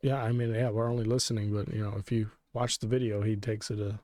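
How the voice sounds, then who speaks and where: A man's voice: on the low side, level tone, fast, warm tone, no room sound, clean studio sound. A man co-hosting a casual podcast chat, talking in rambling, sarcastic runs and laughing often. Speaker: podcast co-host.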